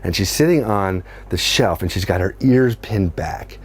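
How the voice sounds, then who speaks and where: A middle-aged man telling a comic personal story in a casual, animated way, swearing freely and acting out what people said. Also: low-pitched, a little slow, husky.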